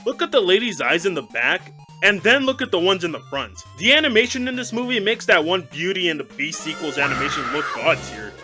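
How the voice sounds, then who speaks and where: Animated sarcastic young man reviewing films. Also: high-pitched, brisk, faint music behind. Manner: sarcastic, exaggerated outbursts. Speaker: film reviewer. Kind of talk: comedic movie review.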